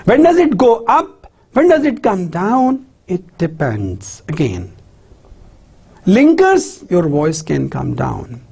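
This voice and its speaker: A lecturer gives a slow classroom lecture on teaching skills. The voice is mellow and a little husky, and the pitch rises and falls a lot. The lecturer keeps checking in with "right?" and "clear?", and asks questions and then answers them. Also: wildly swooping pitch. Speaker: university lecturer.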